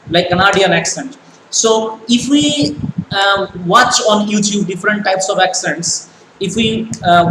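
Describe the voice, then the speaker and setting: High-pitched teacher in an echoey room. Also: male voice. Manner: halting, many fillers, repeats phrases to students. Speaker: English teacher. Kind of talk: live online class. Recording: echoey room with clear background noise.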